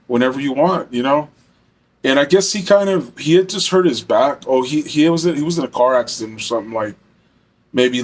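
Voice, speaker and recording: A young man telling a personal story in a casual, rambling way, full of fillers and swearing. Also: mid-range voice. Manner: rambling, heavy fillers, profane.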